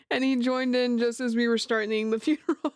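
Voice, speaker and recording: A woman streamer with a fairly high-pitched voice talks casually at a moderate pace while playing a game, giggling often. It's let's play commentary, recorded at studio quality with no echo.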